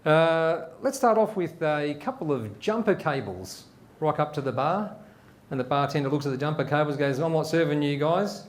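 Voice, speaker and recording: A man hosting a comedy show and telling jokes, a lively chuckling storyteller. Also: on the high side, moderate pace. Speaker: host.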